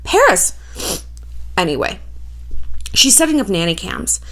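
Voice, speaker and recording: Animated, profane woman vlogger. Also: fairly high pitch, moderate pace. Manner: animated, profane, chatty with filler 'like'. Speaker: YouTuber commentator. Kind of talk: casual commentary vlog.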